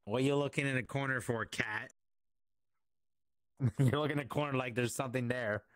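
A man streaming and chatting casually, playful and quick to laugh. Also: mid-range voice, steady tone, dry recording. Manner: playful and giggly, chatting to his cat. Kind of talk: casual chat.

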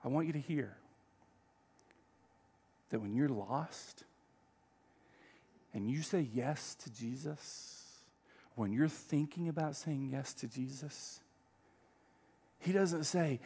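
A middle-aged male pastor preaching a sermon, telling a story with emphatic swings between loud and quiet. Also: on the high side, normal speed.

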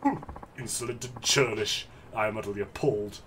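A man's voice: fairly low pitch, a little fast, background noise, lightly acted. Man putting on a pompous self-styled nobleman. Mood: haughty. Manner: grandiose, scornful, archaic wording.

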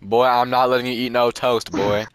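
A young man doing casual gaming commentary, laughing often and breaking into sudden high-pitched yells. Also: level tone, moderate pace, clear, resonant tone, no room sound. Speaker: gaming channel host.

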